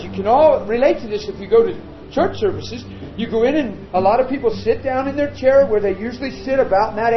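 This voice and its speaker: A man's voice: sits high, a little hiss or hum. A man preaching an informal sermon to his congregation, chatty and joking with them. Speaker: pastor. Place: meeting room with a congregation. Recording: roomy, dull sound with crowd behind.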